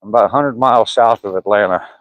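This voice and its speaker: A fast-talking older man with a fairly low voice and a Southern accent from Georgia vlogs live during an outdoor walk by pine woods, filming on a handheld phone. He reads the chat aloud in an easygoing, rambling way, chuckling often, and the recording is dry.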